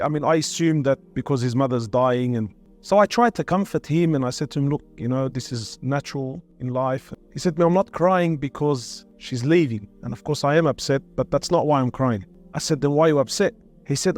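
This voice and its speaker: A man's voice: medium pitch, a little mellow. A man giving an earnest, emotional sermon-style talk, repeating phrases for emphasis. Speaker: Muslim speaker.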